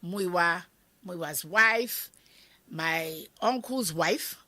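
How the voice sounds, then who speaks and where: A middle-aged Nigerian woman with a Nigerian accent, telling a personal story as an interview guest, animated and acting out voices, sometimes dropping to a whisper. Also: fairly low pitch, extremely slow. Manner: animated, acts out quoted voices, drops to whispers.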